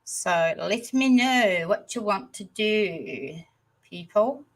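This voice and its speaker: A New Zealand woman hosting a casual livestream chat, hesitant and rambling with many pauses. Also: medium pitch, animated, rough recording. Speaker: channel host.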